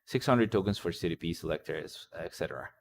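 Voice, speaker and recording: A man's voice: low-pitched, fairly quick, gravelly. A man hosting a gaming channel, casually reacting to game patch notes, rambling offhand, reading notes aloud and answering chat, with the odd swear. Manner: occasional swearing.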